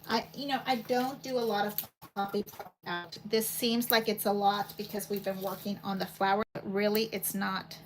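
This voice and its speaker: A woman hosting a paper crafting video talks at a normal speed in a medium-pitched voice. She keeps up casual, wandering chatter and thinks aloud while she crafts. It's a rough home recording with steady background noise.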